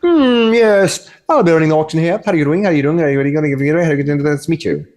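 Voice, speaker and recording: A man voicing an excitable male auctioneer who talks fast and eagerly. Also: a little high, pitched above the performer's own voice, natural voice.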